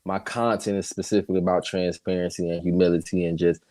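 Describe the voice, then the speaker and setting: Brief: male guest artist, lowish voice, dry sound, sincere and reflective. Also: level tone, fast, a little mellow, no echo. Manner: earnest and reflective, lots of agreeing. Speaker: guest hip hop artist. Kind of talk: casual conversation.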